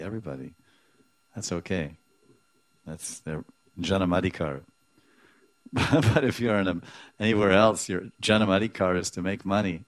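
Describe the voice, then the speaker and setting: A man's voice: low-pitched, no room sound. A man giving a devotional lecture, telling stories with acted-out quotes, chuckling often and sprinkling in Sanskrit and Hindi terms. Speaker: religious teacher.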